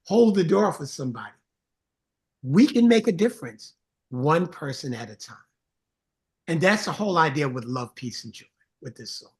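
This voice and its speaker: A man's voice: on the high side, lively intonation, normal speed, pauses often, darkish tone. A middle-aged man speaking as a guest in a casual interview, telling earnest stories and acting out the voices of the people in them. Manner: earnest storyteller, acts out quoted voices. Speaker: songwriter and producer guest.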